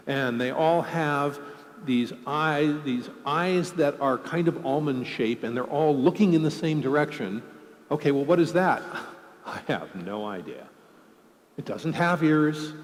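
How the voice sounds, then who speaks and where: A man giving a conference keynote, joking and explaining with everyday examples. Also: on the high side. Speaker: conference speaker. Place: large conference hall. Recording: long hall reverb.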